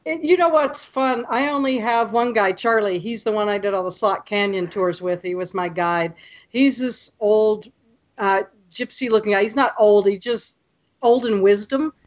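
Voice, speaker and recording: A woman guest on a podcast, telling lively stories and acting out what people said. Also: mid-range voice, normal speed, muffled recording. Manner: lively storyteller, acts out quotes. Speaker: podcast guest, photography tour leader. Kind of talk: casual podcast chat.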